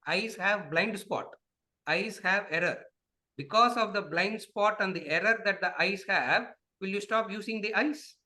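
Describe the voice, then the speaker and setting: Man, Vedanta teacher, lecture with questions and answers, high voice, repetitive rhetorical questions. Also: measured pace, sharp tone, low-quality recording.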